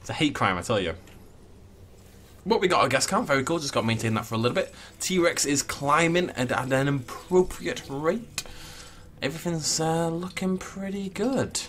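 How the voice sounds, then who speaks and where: Male let's player, casual, jokey, theatrical swings in pitch. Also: lively intonation, normal speed, fairly bright tone, slight background noise. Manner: playful, jokey, mock-dramatic. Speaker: gameplay commentator. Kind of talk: casual let's play commentary.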